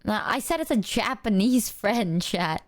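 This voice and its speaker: A woman livestreamer telling a story to her chat, animated and swearing, acting out the voices of people she quotes. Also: medium pitch, measured pace, dry recording, clean studio sound.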